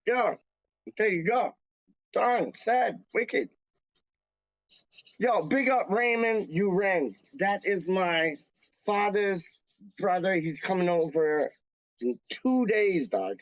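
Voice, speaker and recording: A man's voice: high voice, slow, long pauses, no echo. A man chatting casually to viewers of his fan channel, rambling and slangy and repeating himself. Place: lives in Canada, time zone away from England. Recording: dull lo-fi dry sound.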